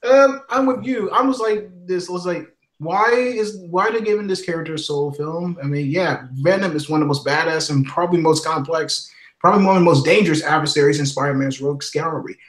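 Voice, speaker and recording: A man's voice: on the high side, a little fast, echoey room, poor audio. A man co-hosting a casual podcast chat, rambling and repeating himself. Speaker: podcast co-host.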